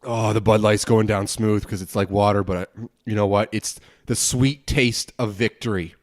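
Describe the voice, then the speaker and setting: A man's voice: on the low side, fairly even intonation, normal speed. A young man hosting his own podcast alone, ranting angrily with plenty of swearing and rambling asides. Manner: angry, profane, rambling rant. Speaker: podcast host.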